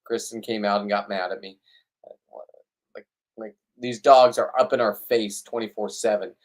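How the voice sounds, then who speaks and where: A man's voice: fairly low pitch, steady tone, moderate pace. A man talking to the camera in a casual fishing vlog, blunt and rambling, joking about himself. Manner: blunt, rambling, self-deprecating. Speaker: fishing vlogger.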